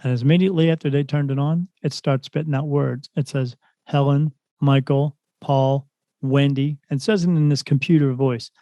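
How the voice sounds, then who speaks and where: Animated storytelling man, mellow voice. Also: fairly high pitch, quick pace, hardly any pauses, no room sound, lo-fi sound. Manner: animated retelling, acts out quoted voices. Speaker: podcast guest, spirit medium. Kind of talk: casual storytelling.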